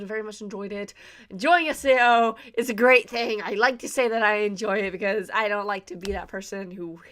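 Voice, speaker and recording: A young woman hosting a casual anime review video, bubbly and excitable, giggling and acting out her own reactions as she talks. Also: fairly high pitch. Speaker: anime reviewer, channel host.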